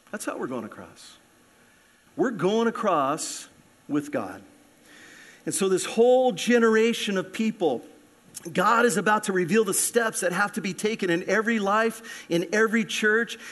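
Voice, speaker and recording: Male pastor, high-pitched, animated preacher who acts out scenes. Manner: animated, acts out voices of people in the story. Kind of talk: sermon.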